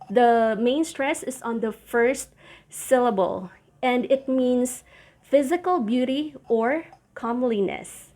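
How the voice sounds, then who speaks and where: Slow-spoken woman teaching pronunciation. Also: fairly high pitch, darkish tone. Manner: slow, careful, repeats each word, self-correcting. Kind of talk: casual teaching.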